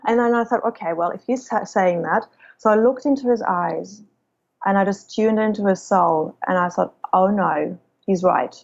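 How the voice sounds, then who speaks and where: A woman's voice: mid-range voice, moderate pace, creaky, a little mellow, dull audio. A woman guest on a podcast, telling personal stories in a reflective, spiritual way. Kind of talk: personal storytelling in conversation.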